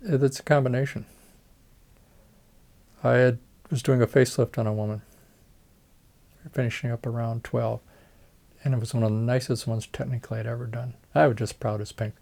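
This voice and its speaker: A man's voice: mid-range voice, steady tone, a little fast, creaky, pauses often, a little mellow. An older man, a retired surgeon, telling stories in an oral history interview and acting out the voices of the people he quotes. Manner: storytelling, reenacts dialogue, chuckles. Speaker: retired facial plastic surgeon.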